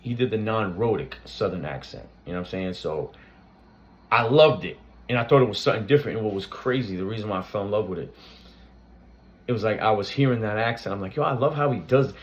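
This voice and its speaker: A man hosts his own reaction channel and talks quickly in a lowish voice, paying casual tribute to camera. He speaks loosely, with lots of fillers and restarts. The sound is lo-fi.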